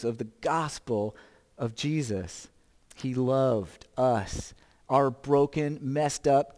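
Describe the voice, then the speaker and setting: A man's voice: mid-range voice, darkish tone, long reverb tail. A man in his fifties preaching a sermon as pastor, conversational, asking the listeners questions and joking about himself. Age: 50s. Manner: conversational, self-deprecating humor, rhetorical questions.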